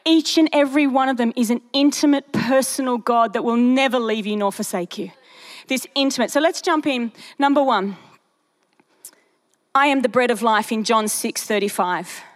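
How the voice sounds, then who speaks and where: Brief: young woman, high bright voice, conversational preacher who tells stories and drops asides. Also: moderate pace. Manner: chatty, storytelling, animated asides. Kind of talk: sermon.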